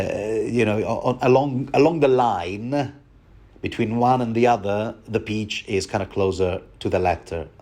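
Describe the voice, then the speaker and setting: A man's voice: fairly low pitch, a little mellow. A man giving a rambling, chatty book commentary and poking fun at himself. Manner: chatty, self-mocking, many fillers.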